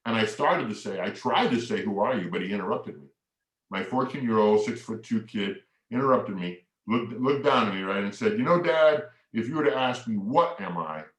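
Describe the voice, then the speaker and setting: A man's voice: fairly low pitch, animated, moderate pace, fairly bright tone. A middle-aged man gives a keynote talk in storytelling style, acting out both sides of remembered conversations. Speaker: keynote speaker. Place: large hall. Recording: echoey hall, mic far off.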